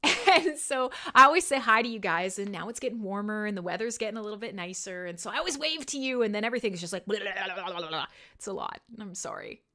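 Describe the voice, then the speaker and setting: Hosting a music livestream of her own, a woman rambles casually to her viewers, poking fun at herself, dropping casual swear words, and laughing frequently. She has a medium-pitched voice with a bright, forceful tone.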